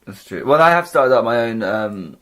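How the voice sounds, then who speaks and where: A young man co-hosting a comedy podcast, teasing his friend in a dry, deadpan way. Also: mid-range voice, normal speed, a little hiss or hum. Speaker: podcast co-host. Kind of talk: joking casual chat.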